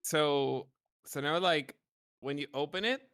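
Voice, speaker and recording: A man's voice: fairly high pitch, unhurried, fairly bright tone, clean tone, no echo, studio quality. A man in casual gaming voice chat, patiently walking a friend through setup step by step. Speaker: player helping a friend set up game mods.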